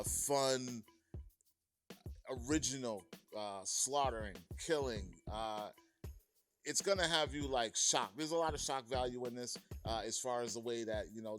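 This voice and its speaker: A man's voice: medium pitch, a little slow, faint music behind. A man from Massachusetts reviewing a film in a loose, chatty way, full of fillers and restarts and plainly enthusiastic. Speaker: movie reviewer. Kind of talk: casual video review.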